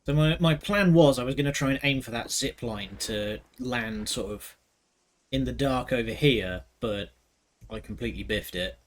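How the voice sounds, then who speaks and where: A man's voice: mid-range voice, normal speed. A man giving casual let's-play commentary, joking and sarcastic, swearing freely. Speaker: gaming video host.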